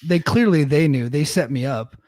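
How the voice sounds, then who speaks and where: A man's voice: on the high side, moderate pace, darkish tone. Man rambling through a casual anecdote. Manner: rambling, self-deprecating anecdotes with frequent restarts. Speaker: podcast co-host. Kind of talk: casual storytelling chat.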